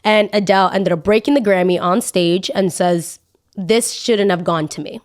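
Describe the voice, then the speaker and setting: A young woman hosting a podcast, talking casually in an animated, dramatic and exasperated way. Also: mid-range voice, normal speed. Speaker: podcast host. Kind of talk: casual opinion monologue.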